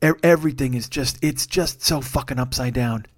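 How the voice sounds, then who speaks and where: A man in his forties, a comedian hosting his own show, ranting at length with constant swearing and sudden bursts of intensity. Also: mid-range voice. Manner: profane, fast ranting with bursts of raised intensity. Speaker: comedian podcast host. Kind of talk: solo comedic rant.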